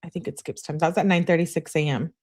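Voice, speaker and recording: Woman streamer, lower voice, dry and blunt, reads evidence live and comments to chat. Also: steady tone, fast talker, a little mellow. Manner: blunt, sarcastic asides to chat.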